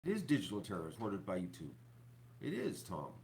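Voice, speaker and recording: Halting, downcast man, lively pitch. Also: slight background noise. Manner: halting, repeats words, many fillers. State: depressed and upset. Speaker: YouTuber host. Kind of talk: rambling live-stream talk to viewers.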